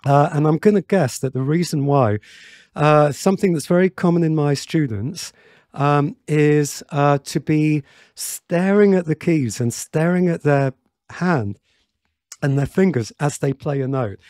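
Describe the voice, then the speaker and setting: A man's voice: a little high, a little slow, a little mellow, dry recording. Man, piano teacher, chatty tutorial, fillers and restarts, dry close sound. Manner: chatty, many fillers and restarts, counts beats aloud.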